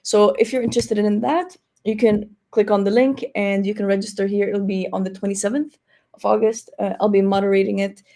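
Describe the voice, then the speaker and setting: A woman's voice: medium pitch, fairly even intonation, brisk, dark tone. A woman moderating a live webinar over a video call, reading audience questions in a casual way, full of "like" and "you know". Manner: casual, filler-heavy, says 'like' and 'you know'.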